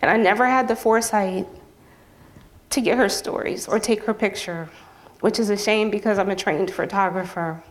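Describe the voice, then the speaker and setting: Brief: female professor presenting to an audience, earnest and a bit nervous, mid-pitched voice. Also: fairly even intonation, normal speed. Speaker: journalism professor presenting her project. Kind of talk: public presentation. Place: campus event venue.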